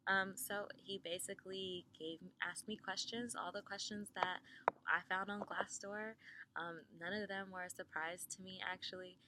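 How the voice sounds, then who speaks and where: A young woman vlogger and flight attendant telling a story casually, full of fillers and quick laughs. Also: mid-range voice, fairly even intonation, noisy background. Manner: chatty with many fillers, laughs often.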